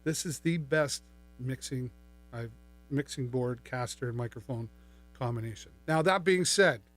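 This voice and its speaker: A middle-aged man with a mid-range, somewhat bright voice takes his time as he hosts a live shopping stream. He chats playfully and upbeat while showing a microphone and mixer, recorded on a studio microphone passed through a mixer.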